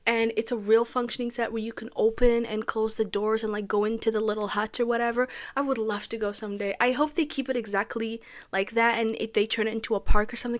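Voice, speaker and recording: Young woman, light high soprano, casual fan commentary, animated, with whispered asides and loud outbursts. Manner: excitable, swings from hushed whispers to loud outbursts. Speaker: YouTuber.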